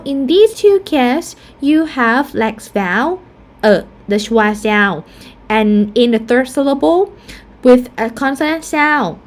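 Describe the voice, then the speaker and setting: A woman with a somewhat high voice leads a slow, patient pronunciation lesson. She says each example word twice with deliberate care and drifts into casual fillers as she explains. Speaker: pronunciation teacher.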